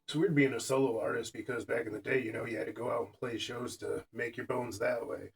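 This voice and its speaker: A man telling his life story to the camera in a wry, deadpan way. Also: medium pitch, brisk, loud music behind the voice. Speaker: cook and solo musician. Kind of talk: casual monologue to camera.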